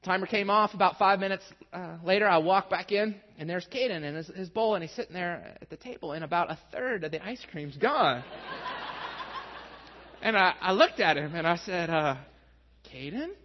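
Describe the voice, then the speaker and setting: A man's voice: high voice, normal speed. A man in his thirties, a pastor, preaching a sermon and telling a self-mocking personal story. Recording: dull sound with long hall reverb.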